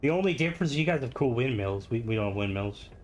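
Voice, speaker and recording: A man's voice: medium pitch, expressive, fast, a little mellow, slight background noise. An Irish man streaming a game, chatting casually and rambling with many fillers. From Ireland. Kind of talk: casual gaming stream chat.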